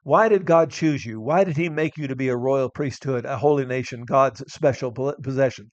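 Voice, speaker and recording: A man's voice: mid-range voice, normal speed, no room sound, muffled recording. A man preaching a sermon as pastor, earnest and building to emphatic declarations, often restarting his words.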